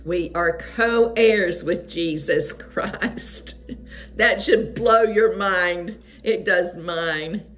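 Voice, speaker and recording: A woman's voice: fairly low pitch, extremely slow. A woman giving a fervent prophetic devotional message, repeating her key phrases for emphasis. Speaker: online devotional speaker.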